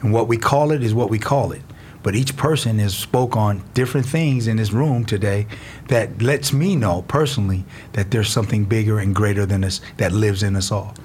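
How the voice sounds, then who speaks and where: A man speaking gently and sincerely in a round-table discussion. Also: lowish voice, normal speed, a little hiss or hum.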